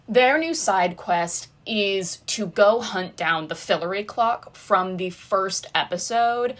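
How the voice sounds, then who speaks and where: A woman's voice: medium pitch, expressive, slow pace, hardly any pauses. A young woman recapping a TV season in a casual, sarcastic, rambling way, full of "like" and "girl". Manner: chatty and sarcastic, heavy use of "like" and "girl". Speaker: recap video host.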